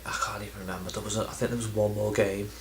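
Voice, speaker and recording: A man's voice: fairly low pitch, flat delivery, very fast, noisy background. A man chatting in a casual vlog, rambling and self-deprecating, with plenty of ums and restarts. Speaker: video game collector vlogger.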